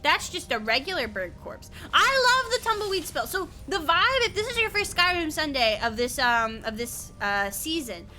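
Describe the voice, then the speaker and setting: A woman's voice: sits high, big pitch swings, moderate pace, hardly any pauses, bright, forceful tone, soft background music. A young woman streamer giving chatty, giggly game commentary, swearing freely.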